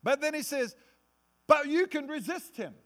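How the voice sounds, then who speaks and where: A male pastor preaching a sermon, acting out quotes in different voices and dropping to a low hush for emphasis. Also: animated, moderate pace.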